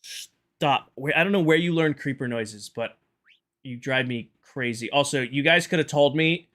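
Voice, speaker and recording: A man's voice: mid-range voice, normal speed, fairly bright tone. A man streaming a game live, chatting with his viewers in a casual, sarcastic way, tired at the end of a long stream. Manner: chatty, sarcastic, addresses chat directly. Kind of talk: casual livestream chat.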